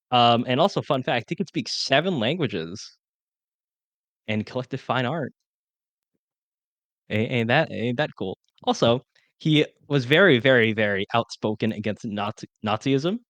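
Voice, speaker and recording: A young man co-hosting a podcast, chatting casually about an old film, talking fast with lots of fillers. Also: on the low side, a bit bright, no echo. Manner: fast, rambling with many fillers. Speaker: podcast co-host. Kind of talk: casual film-review chat.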